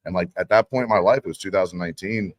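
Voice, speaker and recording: Low, fast-talking motivational man. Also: no room sound. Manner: intense, blunt motivational talk. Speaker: guest speaker and consultant. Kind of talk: motivational podcast chat. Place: convention expo floor.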